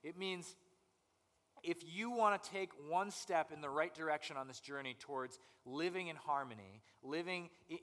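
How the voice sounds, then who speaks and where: A young man preaching a conversational sermon as pastor, animated and acting out people's inner voices. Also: on the high side, in a large hall.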